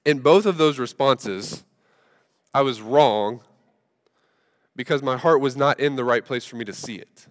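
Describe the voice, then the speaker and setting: A man preaching a sermon, telling a funny story in a relaxed, conversational way with lots of fillers. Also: mid-range voice, unhurried, pauses often. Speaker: pastor. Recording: long reverb from a large hall.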